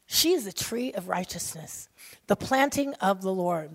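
A woman preaching a sermon, telling stories animatedly and acting out the people in them, swinging between loud excitement and quiet intensity. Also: medium pitch, a little slow, creaky, breathy edge. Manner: acts out quoted people in her stories.

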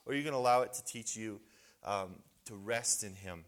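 A man's voice: lowish voice, a little fast. A man giving a conversational sermon at a men's retreat, earnest and casual, often restarting his sentences.

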